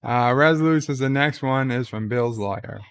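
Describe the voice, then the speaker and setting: A man's voice: medium pitch, moderate pace, a bit bright, clear, resonant tone, no room sound. A man hosting a livestream, casually reading viewer comments aloud with many filler uhs. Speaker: livestream host.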